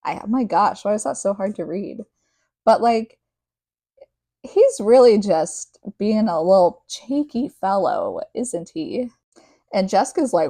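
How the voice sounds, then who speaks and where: A woman's voice: medium pitch, expressive, unhurried, darkish tone, no echo. A young woman reading a novel aloud and breaking off into rambling, casual commentary, peppered with "like". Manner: chatty, rambling, heavy use of "like". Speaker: podcast host.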